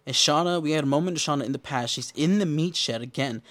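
A man casually recapping television episodes in a slangy, laid-back way with quick asides. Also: fairly high pitch, fairly bright tone.

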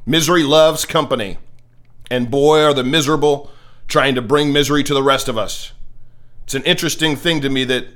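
A man's voice: medium pitch, fairly even intonation, brisk, a bit bright. An American man hosting a political commentary show, delivering an impassioned, preachy monologue and often repeating words as he starts a thought. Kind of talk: opinionated monologue.

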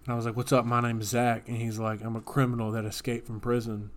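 Talking fast in a mid-range voice, this male podcast co-host spins ridiculous invented tales with a perfectly straight face in casual conversation.

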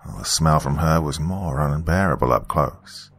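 A man reading a first-person horror story in a measured, hushed storytelling manner. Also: a bass voice, no room sound. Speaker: narrator. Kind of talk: scripted horror narration.

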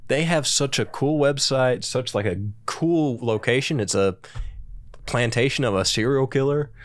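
A man's voice: medium pitch, normal speed. A man chatting casually as a podcast co-host, laid-back and agreeable. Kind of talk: casual chat.

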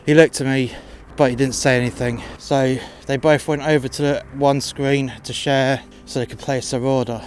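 A man's voice: mid-range voice, little pitch movement, moderate pace, hardly any pauses, a little hiss or hum. A man telling a story about his job in a blunt, sweary and exasperated way. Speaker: podcast host telling work stories. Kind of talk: casual storytelling monologue.

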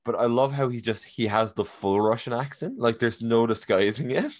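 A man's voice: mid-range voice, animated, moderate pace. A young man co-hosting a casual movie review chat, joking and swearing freely. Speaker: podcast co-host.

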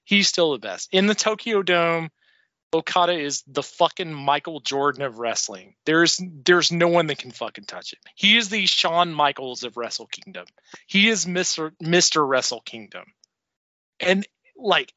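Excitable, profane man with a bright voice. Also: a little high, normal speed, no room sound, lo-fi sound. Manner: excitable, profane, laughing often. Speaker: podcast co-host. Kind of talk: casual wrestling review chat.

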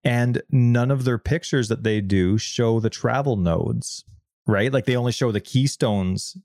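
A Canadian man co-hosting a casual gaming podcast, playful and rambling, quick to laugh. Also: medium pitch, a little mellow, no room sound, clean studio sound. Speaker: podcast co-host.

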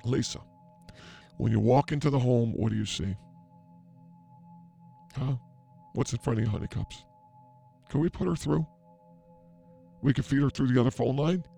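A man's voice: medium pitch, normal speed, vocal fry, pauses often, warm tone, faint music behind. A man playing a brash self-declared psychic healer in an improvised comedy bit, talking in a theatrical, blustering way. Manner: over-the-top, theatrical, blustering.

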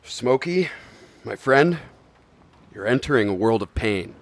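An actor playing a hot-tempered, rule-obsessed middle-aged bowler who shouts demands in a movie scene. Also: male voice, medium pitch, lively intonation, measured pace. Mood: stern. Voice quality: forceful, shouting. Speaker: movie character.

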